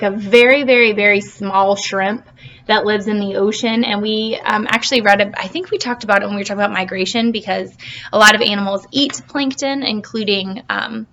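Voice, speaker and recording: A woman's voice: mid-range voice, sharp tone. A woman teacher reading a storybook to her class over video, playful and full of questions for the kids.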